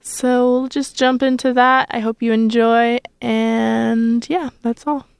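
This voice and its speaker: A young college radio host in her twenties talks into a studio mic in a smooth, clear voice. Her chat is loose and rambling, full of fillers and little self-conscious asides. The sound is dry and close, with no room echo. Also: on the high side, fairly even intonation, takes it slowly. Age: 20s. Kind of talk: casual on-air chat.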